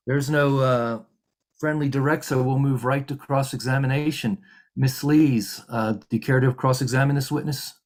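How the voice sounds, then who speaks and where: A man serving as hearing examiner, running a formal remote hearing in a measured, halting way with frequent fillers. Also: mid-range voice, darkish tone.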